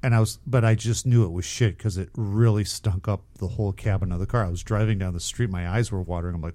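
A man's voice: on the low side, steady tone, quick pace, few pauses, mellow. A man casually telling a rambling, profane story on a podcast, often laughing at himself. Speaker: podcast co-host.

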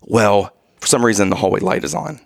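A young man co-hosting a casual chat, telling a story in a lively, animated way and acting out his own yells. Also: fairly low pitch, fairly quick, vocal fry, no room sound, clean studio sound.

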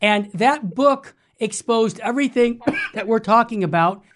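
A man's voice: very high voice, unhurried, a bit bright. A man hosting a Catholic radio talk show while fighting a cold, upbeat and preachy as he speaks straight to listeners. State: has a cold.

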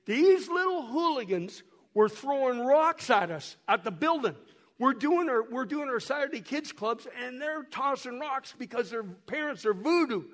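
A man who works as a missionary, telling stories to a congregation in a folksy way while showing photos, hoarse and coughing from a cold. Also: extremely high pitch, lively intonation, moderate pace, fairly bright tone, in a large hall. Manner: folksy, repeats and restarts words, speaks directly to the congregation. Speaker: missionary guest speaker. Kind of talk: storytelling talk to a church while showing photos. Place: church hall.

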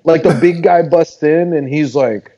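Man, mellow dark voice, rambling summary, dull lo-fi remote audio. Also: fairly high pitch, a little slow. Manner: rambling plot summary, many you-knows. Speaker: podcast co-host. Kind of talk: casual film review chat.

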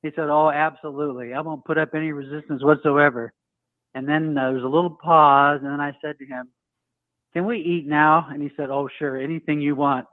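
Male caller, lively storyteller on a tinny phone line, dry sound. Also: on the high side, brisk, no room sound. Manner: storytelling, acts out quoted voices. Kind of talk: telling a personal story.

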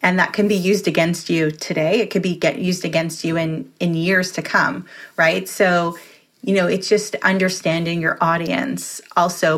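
A woman's voice: lowish voice, fairly bright tone. A woman in her forties, a podcast guest, talking earnestly in casual conversation and giving advice with frequent restarts.

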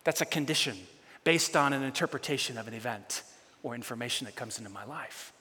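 A man preaching a sermon as pastor, swinging between loud emphatic bursts and quiet storytelling. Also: medium pitch, brisk. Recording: long hall reverb.

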